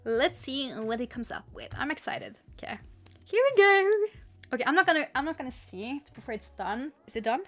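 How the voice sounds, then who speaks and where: A young woman chatting casually and reading stories aloud on her channel, giggly and excitable. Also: high voice, normal speed, soft background music. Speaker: YouTuber. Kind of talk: casual vlog chat and story reading.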